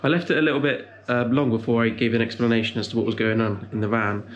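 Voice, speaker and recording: A man in his twenties or so, chatting casually to his camera at a mid-range pitch. He coos gentle praise in a sing-song way, then drifts into loose, hesitant explaining with plenty of ums. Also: fairly even intonation, fast, noisy background. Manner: coaxing, sing-song puppy talk mixed with rambling explanation full of ums. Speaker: vlogger and new puppy owner. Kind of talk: casual vlog chat.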